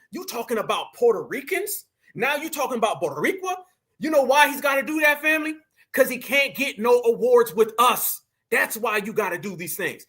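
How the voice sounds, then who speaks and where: A man with hosts heated reaction commentary. His voice sits very high and sounds sharp and bright. He mocks and challenges his target with slang and a string of rhetorical questions. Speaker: commentary host.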